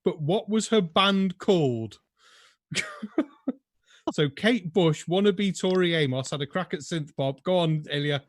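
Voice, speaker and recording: A man's voice: on the high side, no echo. Sarcastic male quiz host, dry sound. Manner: sarcastic, quick asides, swears and laughs. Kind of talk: casual quiz hosting on a video call.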